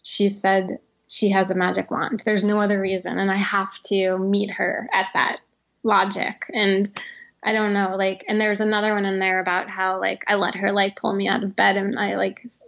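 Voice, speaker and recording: A woman in her thirties, an author being interviewed, speaks reflectively at normal speed in a medium-pitched, completely flat voice with vocal fry and a slightly bright tone. She leans heavily on "like," restarts often, and laughs a lot, and the audio is dull.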